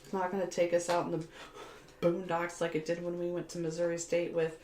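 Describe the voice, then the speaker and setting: A woman's voice: on the low side, level tone, fairly quick, a little mellow. A woman co-hosting a casual podcast chat, talkative and blunt, swearing casually and laughing often. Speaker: podcast co-host. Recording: echoey room, faint background hiss.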